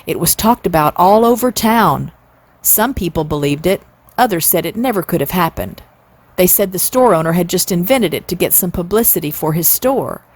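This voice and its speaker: A woman in her sixties reading a classic children's novel aloud, expressive and playing up the sound words. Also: lowish voice. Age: 60s. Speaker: storyteller.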